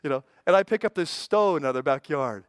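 A man's voice: fairly high pitch, animated, brisk. An older man, a pastor, preaching a sermon in a conversational way, with folksy asides and frequent stammered restarts.

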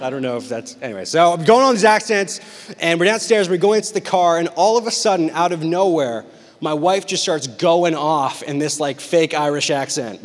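A man preaching a sermon to teenagers, telling funny stories and acting out what people say. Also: a little high. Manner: animated, joking, acts out quotes. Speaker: youth pastor. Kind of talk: storytelling sermon to teens. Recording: long hall reverb.

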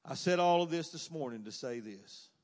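A man preaching a sermon, moving from quiet asides to loud, emphatic cries. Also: a little high, expressive, moderate pace, in a large hall.

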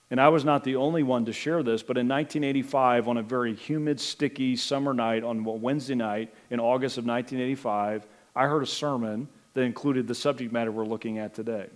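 Here a pastor in middle age gives a sermon, his mid-range voice steady and sincere. Now and then he hesitates with a filler word.

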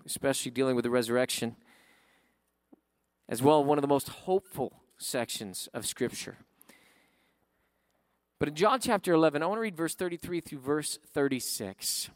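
A man preaching a sermon in a conversational way, often checking in with his listeners with a quick "right?". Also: a little high, no room sound, clean studio sound. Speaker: pastor.

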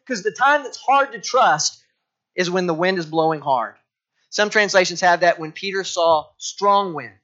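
A middle-aged man preaching a sermon, dropping to quiet tones and rising again as he acts out voices from the text. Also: high-pitched. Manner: dramatic shifts from quiet to loud, acting out quoted voices. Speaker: pastor. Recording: dull lo-fi sound.

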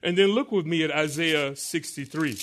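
Impassioned preacher man, higher voice. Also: normal speed. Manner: swings between loud emphatic pleading and soft low explanation; reads scripture aloud and explains verse by verse. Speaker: pastor. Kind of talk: sermon.

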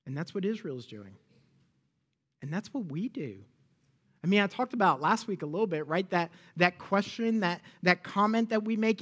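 A man delivering a sermon as a pastor, his voice sitting a little high for a man. He preaches with animated, pointed energy and often turns to the listeners with rhetorical questions.

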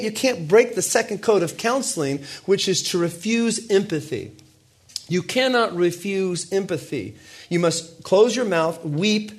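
Male preacher, somewhat high voice, passionate sermon delivery with emphatic questions. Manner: impassioned, rising to emphatic rhetorical questions; slows down to read scripture aloud. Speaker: pastor.

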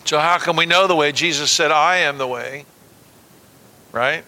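Male pastor, high ringing bright voice, lively sermon, call-and-response with congregation, long hall reverb. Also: normal speed. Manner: animated, calls out to the congregation. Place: church sanctuary.

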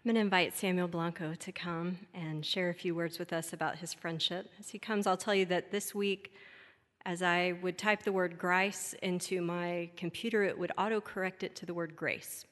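A woman leading a memorial service, calmly introducing the next speaker. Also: fairly low pitch, moderate pace. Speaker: service leader. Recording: long hall reverb.

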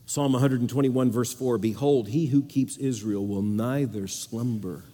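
Emphatic preacher in a big hall. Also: male voice, medium pitch, normal speed. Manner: emphatic, repeats phrases, swings between loud and quiet. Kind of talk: sermon.

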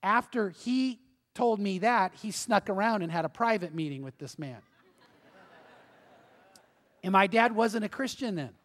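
A man's voice: high voice, expressive, unhurried, long pauses, a bit bright. A middle-aged man preaching a sermon, telling stories and acting out the voices of the people in them. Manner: conversational storytelling preacher, acts out quoted voices. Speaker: pastor. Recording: long reverb of a large hall.

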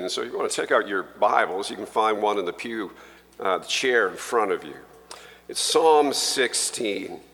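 Slow, bright-voiced preacher in a reverberant church. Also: male voice, lowish voice. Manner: slow, emphatic preaching that rises when quoting scripture. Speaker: pastor. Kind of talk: sermon. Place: church sanctuary.

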